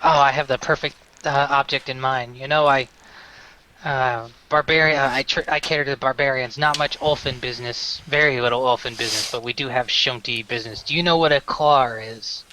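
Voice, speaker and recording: A man's voice: medium pitch, fairly even intonation, a little fast, sharp tone, natural voice, rough recording. A man voicing an eager middle-aged male gnome smith who talks like a salesman, hesitant and chatty.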